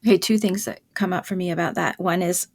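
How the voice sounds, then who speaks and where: A woman's voice: lowish voice, fairly even intonation, quick pace, creaky, a little mellow, no echo. A woman hosting a parenting podcast, talking candidly, laughing often and acting out what parents say. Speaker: podcast host. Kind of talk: conversational interview.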